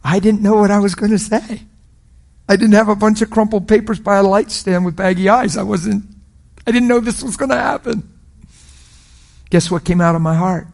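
A middle-aged man preaching a sermon with a somewhat high-pitched voice. He tells his story with strong emotion, rising loud and then dropping to a hush. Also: steady tone, moderate pace, creaky. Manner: emotional storytelling, shifts from loud to hushed whispers. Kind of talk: sermon testimony.

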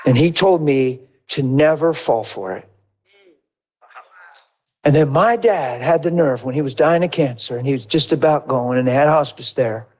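Man, middle-aged, preacher, conversational testimony, animated storytelling, average pitch. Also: normal speed. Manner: lively, conversational, acts out dialogue.

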